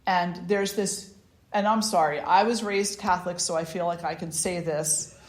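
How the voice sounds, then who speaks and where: A woman's voice: lowish voice, steady tone, normal speed. A woman spiritual teacher telling a personal story at a gathering, in a conversational way with many restarts and asides. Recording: echoey room.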